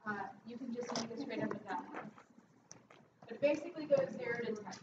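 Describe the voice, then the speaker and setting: A woman's voice: fairly high pitch, fairly quick. Chatty woman therapist in an echoey room. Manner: chatty, jokey asides, quizzes the audience. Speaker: therapist giving a workshop talk. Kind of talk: casual presentation to an audience. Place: lecture room. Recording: echoey, distant, dull and noisy.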